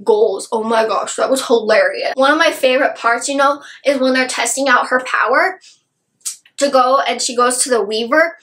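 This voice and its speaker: A woman's voice: high voice, normal speed, fairly bright tone, poor audio. A woman gushing about a book she loved in a casual, rambling review, full of "like" and asides.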